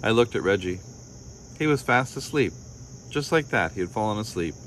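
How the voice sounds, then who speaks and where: A man reading a children's picture book aloud, gently, lifting his voice a little for the children's lines. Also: expressive, moderate pace, slight background noise. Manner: gentle storytelling, voices the children's lines slightly higher and livelier. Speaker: storybook reader.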